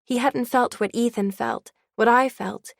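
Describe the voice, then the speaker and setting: A woman's voice: fairly high pitch, steady tone, measured pace, gravelly, no room sound, clean studio sound. A young adult woman narrating a first-person audiobook in a wry, confiding way.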